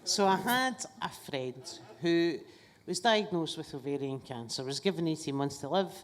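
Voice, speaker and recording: A woman's voice: low-pitched, expressive, normal speed. A woman, a guest comedian chatting casually and telling stories with plenty of swearing. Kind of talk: casual chat.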